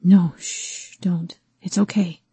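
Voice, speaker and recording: A worried, protective man, as a woman narrator voices him, steady and gentle in his speech that turns pleading. His voice is pitched low and warm, with a husky grain. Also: measured pace, no echo, heavily acted. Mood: soothing.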